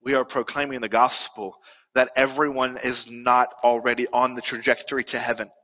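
A man's voice: mid-range voice, flat delivery, moderate pace, pushed and bright, in a large hall. A male pastor preaching a sermon earnestly, building to emphatic peaks.

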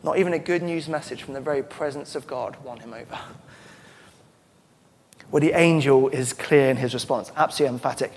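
A man's voice: mid-range voice, fairly quick, breathy edge. A man preaching a sermon as pastor, earnest and emphatic, often restarting his phrases. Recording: long church-hall reverb.

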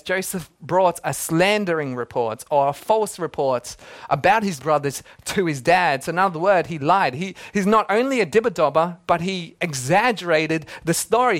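High-voiced joking pastor. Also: male voice, no echo, studio quality. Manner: casual and joking, laughs often at his own stories. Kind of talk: sermon.

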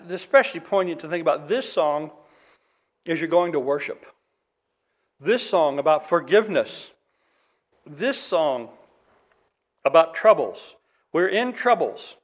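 A man preaching a sermon in a conversational way, with dry humor, reading scripture aloud. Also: fairly high pitch. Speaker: pastor.

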